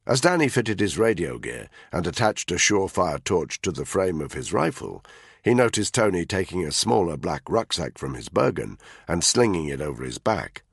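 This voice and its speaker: A man narrating an audiobook thriller in steady, measured storytelling. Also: a bass voice, creaky, husky, no echo, studio quality. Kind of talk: scripted narration.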